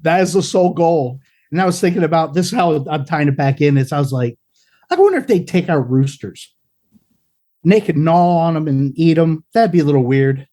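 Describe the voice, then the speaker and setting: Profane podcast co-host with a mellow voice. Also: medium pitch, fairly quick. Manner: profane, animated storyteller. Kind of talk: casual chat.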